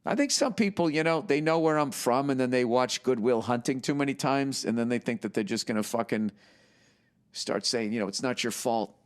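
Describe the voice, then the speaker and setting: A man's voice: mid-range voice, animated, brisk, smooth. A man who is a stand-up comedian, telling stories on a podcast in a blunt way full of swearing. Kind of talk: profane podcast storytelling.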